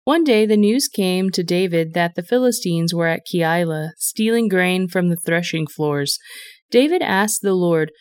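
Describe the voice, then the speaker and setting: A woman reading a Bible passage aloud in a clear storytelling way. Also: fairly low pitch, unhurried, dry recording, studio quality. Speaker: scripture reader.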